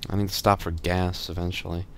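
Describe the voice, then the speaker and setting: A man's voice: sits low, brisk, slight background noise. A man giving casual let's play commentary while driving in a game, swearing a lot and flaring up easily. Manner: swears a lot, frustrated and excitable. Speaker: gamer.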